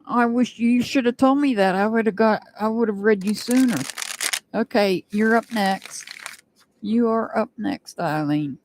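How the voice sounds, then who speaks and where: A woman hosts a live tarot stream and talks in an unhurried, drawn-out way. She rambles between readings, chats with viewers by name and laughs often. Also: a little high, darkish tone. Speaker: tarot reader.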